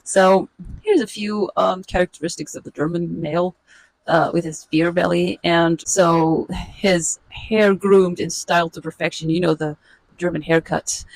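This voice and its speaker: A woman's voice: lowish voice, steady tone, unhurried, creaky, poor audio. A woman in her forties telling a comedic illustrated story in a wry, sarcastic, roasting way. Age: 40s.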